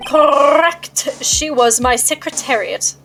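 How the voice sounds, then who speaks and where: A woman's voice: high-pitched, slow, a bit bright, faint music behind, heavily acted. A woman voicing a pompous, arrogant male company chief who shows off with grandiose invented words, reading along with a game.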